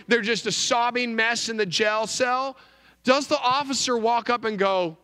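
Bright-voiced preacher in a reverberant hall. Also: male voice, unhurried, clear, resonant tone. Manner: emphatic, wide swings in pitch and volume. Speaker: pastor. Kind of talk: sermon.

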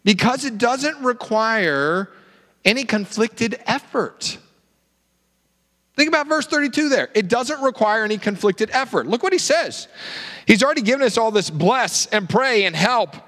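High, lively preaching man in a hall. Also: unhurried. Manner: animated preaching with rhetorical questions. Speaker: pastor. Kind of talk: sermon. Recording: reverberant hall.

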